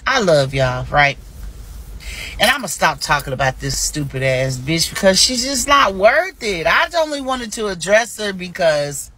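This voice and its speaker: A woman hosting a livestream, delivering a heated, profanity-laced rant that swings between shouting and mocking asides. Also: on the low side, very animated, measured pace. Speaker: livestream host.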